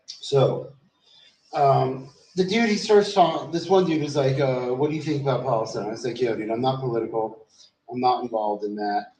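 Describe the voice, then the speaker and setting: A man's voice: medium pitch, normal speed, a little mellow, slight background noise. A man telling a loose, rambling story in casual chat, swearing freely and trailing off in fillers. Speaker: vlogger. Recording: roomy echo, distant from the mic.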